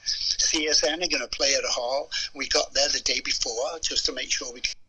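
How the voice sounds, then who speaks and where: An older man, telling stories as a musician guest in an interview, animated and acting out the people in them. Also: mid-range voice, normal speed, breathy edge, low-quality recording. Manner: animated storyteller who acts out voices and hums melodies. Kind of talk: anecdotal storytelling interview.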